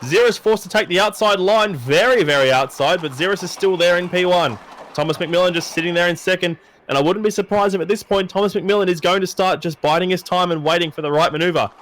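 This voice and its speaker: Excitable high-voiced male race commentator. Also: fast talker. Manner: excitable, jokey play-by-play. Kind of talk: sim racing commentary.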